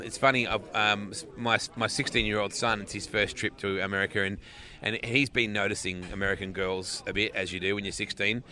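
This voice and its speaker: Easygoing Australian man, bright voice. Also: fairly low pitch. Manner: laughs often, easygoing and jokey. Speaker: race announcer, interview guest. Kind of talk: casual interview chat.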